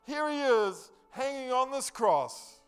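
A man's voice: extremely high pitch, animated, slow, a bit bright, smooth, soft background music. A man preaching a sermon, telling the story earnestly and emphatically in a loose, conversational way with casual slang.

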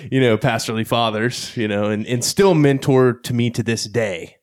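A man's voice: medium pitch, normal speed, no echo, clean studio sound. A man hosting a podcast interview, asking long, winding questions in a laid-back way. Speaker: podcast host. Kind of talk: casual interview.

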